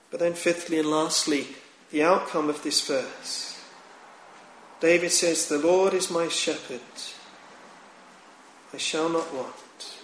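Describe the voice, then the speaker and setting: Man, sermon, slow solemn preaching, echoey room recording, faint hiss behind. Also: high voice. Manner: slow, measured, solemn delivery with emphatic rises.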